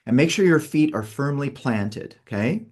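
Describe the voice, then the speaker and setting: The workshop facilitator here has a medium-pitched, expressive voice with a darkish tone and a normal speaking speed. Instructive in manner, he steers a participant through a group exercise step by step, frequently checking with "okay".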